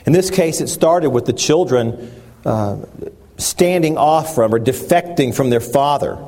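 A man preaching a sermon in an earnest, halting way, often restarting his phrases. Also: medium pitch, animated, mellow.

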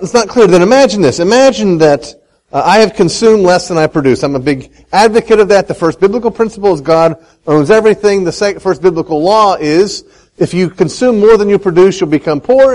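A man giving a lively talk to an audience on faith and money, asking them questions and telling a folksy story. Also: high voice, a little fast, rough recording. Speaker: speaker on Christian economics.

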